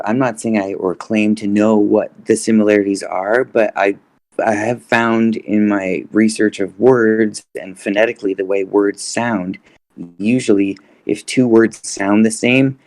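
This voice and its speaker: A man's voice: on the low side, fairly even intonation, moderate pace, darkish tone, dry recording. A man in a casual roundtable discussion, musing and hesitant as he thinks aloud. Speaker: roundtable guest.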